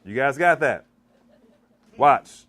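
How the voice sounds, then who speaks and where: A man from Maryland giving an animated live cooking demonstration in a church hall, teasing and quizzing his audience. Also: mid-range voice, takes it slowly. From Maryland, US East Coast. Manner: animated, teasing, asks the crowd questions. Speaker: chef giving a cooking demo.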